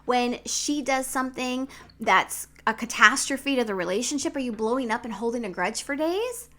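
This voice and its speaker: A woman's voice: a little high, expressive, normal speed, fairly bright tone. A woman relationship coach giving candid advice to men straight to camera, speaking frankly and swearing freely. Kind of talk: direct-to-camera advice vlog.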